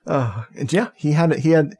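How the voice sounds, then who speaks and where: A man's voice: on the high side, moderate pace, a little mellow, husky. Jokey, swearing male podcast host. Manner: profane, jokey, laughs often. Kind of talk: casual movie recap chat.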